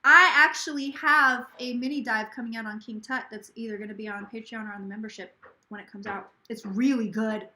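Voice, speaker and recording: Casual livestream host: chatty woman, high bright voice, echoey home room. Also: fairly even intonation, brisk. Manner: chatty and gushing, relays a spirit's words in quotes. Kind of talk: casual live-stream chat. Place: home, near a kitchen.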